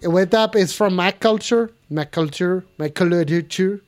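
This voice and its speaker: A man's voice: high voice, unhurried, few pauses. A man hosting a live call-in show in a clumsy put-on French accent, playful and rambling.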